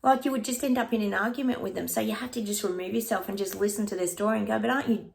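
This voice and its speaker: Brief: middle-aged Aussie woman, psychic livestream host, rambling chatty delivery, a bit of fry in the voice. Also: medium pitch, fairly even intonation, racing. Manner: chatty and rambling, addresses viewers as guys. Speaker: psychic reader. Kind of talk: casual livestream chat with tarot readings.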